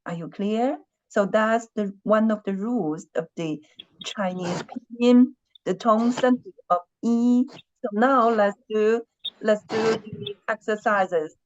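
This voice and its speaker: A woman's voice: mid-range voice, slow, muffled recording. A woman teaching a Chinese class online, patiently repeating her questions and humming while she thinks.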